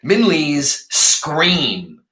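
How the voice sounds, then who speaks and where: A man's voice: a little high, very animated, very slow, pushed and bright, roomy sound, poor audio. A man, a teacher, reading a novel aloud to his class and stopping often to talk with the students.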